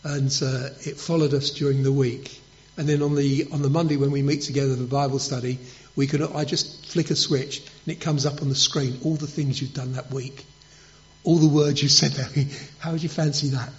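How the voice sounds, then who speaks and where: A man's voice: on the high side, fairly even intonation, normal speed. A man preaching a sermon, telling stories and asking rhetorical questions with emphasis. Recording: dull lo-fi recording.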